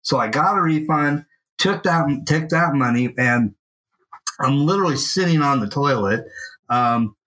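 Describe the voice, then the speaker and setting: A man co-hosting a podcast, telling a long story in a casual, animated way and swearing freely. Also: on the high side, unhurried, poor audio. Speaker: podcast co-host. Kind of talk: casual chat. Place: at home.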